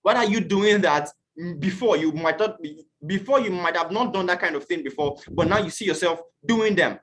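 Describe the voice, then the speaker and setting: A man from Nigeria teaching an online class, earnest and questioning, at times acting out shouted quotes. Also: sits high, normal speed. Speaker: youth teacher.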